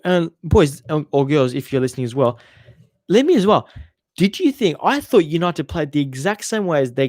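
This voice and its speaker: A man's voice: on the high side, a little mellow, no room sound, studio quality. A young man hosting a casual football livestream, rambling and swearing as he reads viewer comments. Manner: chatty and rambling, swears freely, trails off mid-sentence. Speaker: football channel host.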